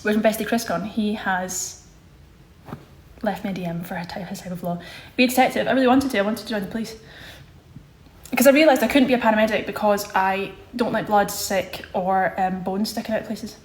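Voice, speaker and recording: Scottish-born girl in her twenties rambling on a livestream, roomy echo, mid pitch. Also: steady tone, brisk. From Scotland. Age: 20s. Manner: chatty, rambling, self-correcting. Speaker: livestream host. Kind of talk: casual livestream chat reading comments. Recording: echoey room.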